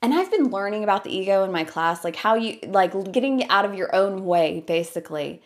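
A woman's voice: mid-range voice, animated, brisk. Woman in her 30s doing a solo podcast, earnest, lots of likes and you knows. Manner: earnest, thinking aloud with many fillers. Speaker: podcast host. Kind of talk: reflective solo podcast talk.

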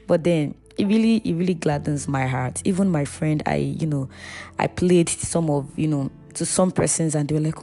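A young woman hosts her own casual faith podcast, speaking to listeners in a chatty, heartfelt monologue and calling them "you guys." Her low-pitched voice is mellow and measured, with faint music behind it.

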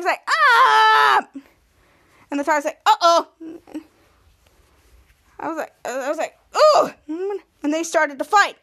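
A woman hosting a podcast, recapping a TV episode in an animated way, acting out the characters' lines with many restarts. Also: high voice. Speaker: podcast host.

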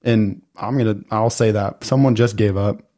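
A man's voice: fairly low pitch, steady tone, moderate pace, dark tone. A man co-hosting a podcast, talking earnestly in casual chat, posing questions and swearing casually. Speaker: podcast co-host.

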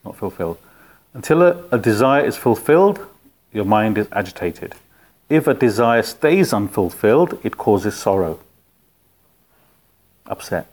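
A man with a lowish voice leads a relaxed philosophy class. He talks conversationally and keeps putting questions to his students. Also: measured pace, pauses often. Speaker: spiritual teacher. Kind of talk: informal philosophy class talk.

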